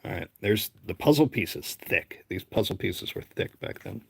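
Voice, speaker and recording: A man's voice: deep voice, animated, moderate pace, creaky, a little hiss or hum. A man with a Boston accent hosting a casual live stream, chatting and rambling as he calls out names one after another. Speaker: live-stream host opening card packs.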